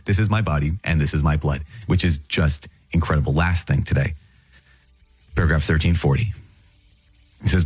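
Husky low-voiced man teaching earnestly. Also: moderate pace, no room sound. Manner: earnest, animated storytelling, laughs between phrases. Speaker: priest, podcast host. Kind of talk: podcast teaching on scripture and catechism.

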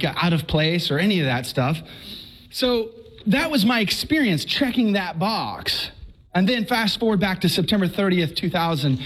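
A man from Texas with a noticeably high voice tells his faith story to a crowd of listeners. He is a lively, comic storyteller who stammers and repeats words to land his punchlines. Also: rough recording. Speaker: speaker giving his conversion testimony. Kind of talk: humorous personal testimony told to a live audience. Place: speaking before an audience.

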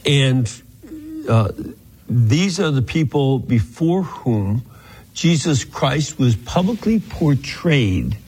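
Slow, husky-voiced man teaching scripture. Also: medium pitch, a little mellow. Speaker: Bible study teacher. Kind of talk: scripture lesson, explaining a text.

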